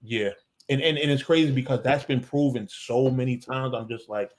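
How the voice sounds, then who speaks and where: A man co-hosting a casual livestream chat, relaxed, often repeating a word as he starts a thought. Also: mid-range voice, moderate pace.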